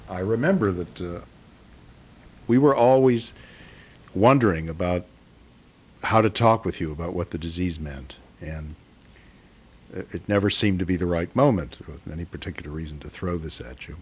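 Middle-aged dad with a low husky voice, halting, emotional storytelling. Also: male voice, darkish tone. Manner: hesitant, reflective, emotional, with pauses. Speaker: father of the patient. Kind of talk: personal storytelling.

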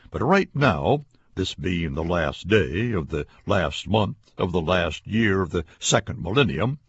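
A low, husky male voice reads a scripted radio meditation at a stately, unhurried pace. The recording is dull and lo-fi, dry with no room sound, like an old broadcast. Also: no echo. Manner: measured, deliberate, stately. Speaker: narrator.

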